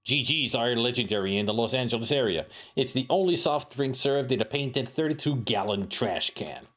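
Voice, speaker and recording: A man's voice: medium pitch, animated, moderate pace, a bit bright. Fields: Sex: man. Role: streamer. Style: reading game text aloud, joking.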